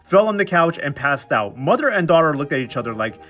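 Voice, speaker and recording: A man's voice: a little high, fairly quick, soft background music. Slangy, sarcastic young man recapping a show. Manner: slangy, sarcastic, animated storytelling with mocking quoted voices. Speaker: recap commentator. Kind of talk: comedic episode recap.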